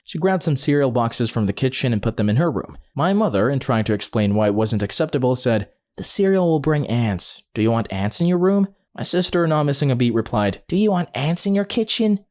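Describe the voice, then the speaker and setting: A man narrating a string of short first-person stories in a steady, scripted reading. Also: medium pitch.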